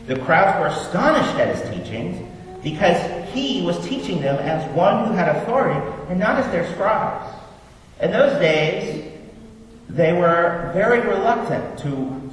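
A man preaching a sermon in a church, animated and joking at his own expense. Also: a little high. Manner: animated, joking, self-deprecating. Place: church sanctuary. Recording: echoey hall from far off, faint noise.

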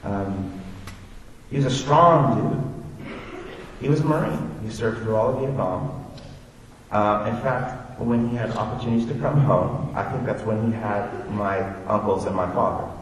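A man's voice: fairly low pitch, a little slow, a little hiss or hum. A man from Florida telling personal stories before an audience in a chatty, self-deprecating, digressive way. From Orlando, Florida. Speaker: speaker giving a personal testimony. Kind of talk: storytelling talk before an audience. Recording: echoey hall, distant mic.

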